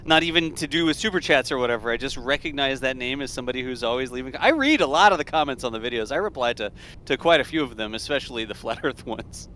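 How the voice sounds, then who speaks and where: Bright-voiced joking man. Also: medium pitch, animated, a little hiss or hum. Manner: joking, quick and teasing. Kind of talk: casual livestream chat.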